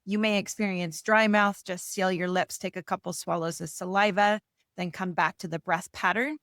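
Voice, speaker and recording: A woman facilitating breathwork, giving slow, soothing guidance over a video call. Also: on the low side, steady tone, a bit bright, dry recording, clean studio sound. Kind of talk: guided breathwork instruction.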